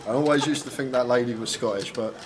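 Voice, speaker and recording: A man's voice: medium pitch, quick pace, background noise. A man commentating on a live poker stream, chatting casually with stammering restarts and frequent laughter.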